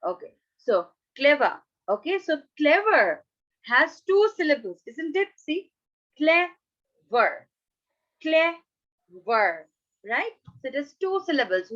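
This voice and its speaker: A woman teaching an English grammar lesson online, repeating words slowly and checking in with "right?" and "okay?". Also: high-pitched, lo-fi sound.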